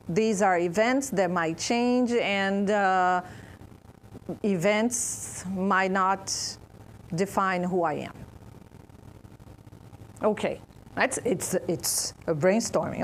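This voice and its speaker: A woman with a Brazilian Portuguese accent giving an interactive spiritual talk to an audience. She pauses and restarts often while searching for words. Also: mid-range voice. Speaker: speaker at a spiritist center.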